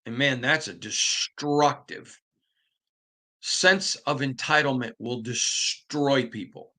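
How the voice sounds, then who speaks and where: A man hosting a sports podcast, telling stories in an animated, conversational way with frequent restarts. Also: mid-range voice. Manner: animated storytelling with repeated restarts. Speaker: podcast host. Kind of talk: casual podcast monologue.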